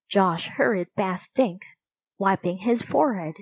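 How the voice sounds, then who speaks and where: Woman narrator for a children's storybook, slow and clear, mid pitch, dry close sound. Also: no echo, rough recording. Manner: slow, clear, even reading.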